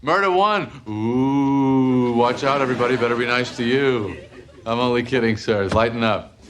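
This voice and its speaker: A man's voice: medium pitch, lightly acted. An actor playing a male stand-up comedian who jokes and teases a room of inmates. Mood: joking. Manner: quick jokey banter, teasing the crowd. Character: wisecracking male comedian performing for prison inmates. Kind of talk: stand-up routine.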